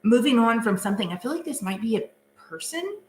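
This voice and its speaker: A woman's voice: fairly high pitch, lively intonation, a little fast, a little mellow, reverberant. A woman doing a live-stream tarot reading in a chatty, casual way, full of filler words and giggles. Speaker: tarot reader.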